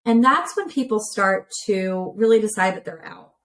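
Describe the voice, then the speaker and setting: Woman, therapist, podcast guest, clear explanations, conversational, mid-pitched, remote call. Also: animated, moderate pace, fairly bright tone, low-quality recording. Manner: clear, explanatory, with many examples.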